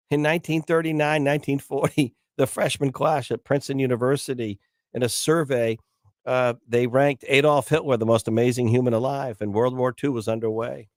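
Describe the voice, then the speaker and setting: A man hosting a morning radio talk show, telling stories in a chatty, animated way with many restarts. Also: mid-range voice, brisk, no echo, clean studio sound. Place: radio studio.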